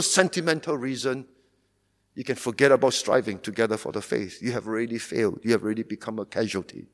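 A man preaching a fervent sermon as pastor, repeating phrases and driving points home with rising emphasis. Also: mid-range voice. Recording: long hall reverb.

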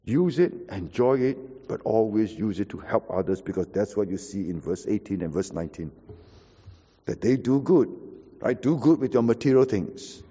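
A pastor preaching a sermon, explaining scripture and repeating key words for emphasis. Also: male voice, on the low side, animated, moderate pace, mellow, husky, in a large hall, muffled recording.

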